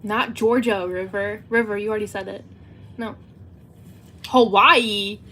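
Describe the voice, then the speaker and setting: A woman's voice: mid-range voice, fairly even intonation, unhurried, bright, forceful tone, slight background noise. A teenage girl with a Southern US accent, chatting and giggling to her livestream chat. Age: teens. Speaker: livestream host.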